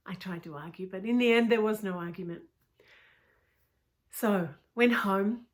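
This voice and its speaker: A woman's voice: mid-range voice, normal speed, long pauses. A woman in middle age tells a personal story with a coach's openness. Her voice sits in an ordinary middle range, and she often sinks into an intimate whisper. Casual "you know" asides run through her telling.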